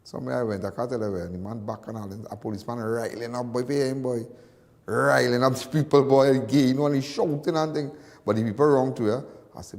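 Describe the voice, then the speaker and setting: A man's voice: medium pitch, quick pace, darkish tone, long reverb tail. A man with a Trinidadian accent hosting a live call-in crime talk show, rambling and folksy and repeating himself as he talks. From Trinidad and Tobago.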